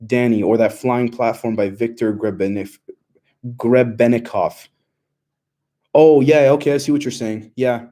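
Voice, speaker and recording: Mellow-voiced man chatting on a livestream. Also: mid-range voice, fairly even intonation, unhurried. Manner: loose and rambling, many fillers and restarts. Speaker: livestream host reading chat questions. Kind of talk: casual livestream chat.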